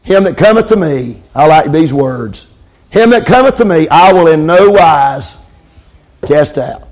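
Male preacher, high voice, sermon cadence, call-and-response amens. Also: expressive, unhurried, a little mellow. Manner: calls out amens, repeats lines for emphasis.

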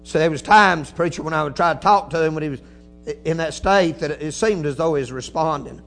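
Man, high voice, folksy preacher, hallelujahs, faint music behind. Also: a little fast, gravelly. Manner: builds from quiet storytelling to shouted preaching. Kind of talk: Pentecostal-style sermon.

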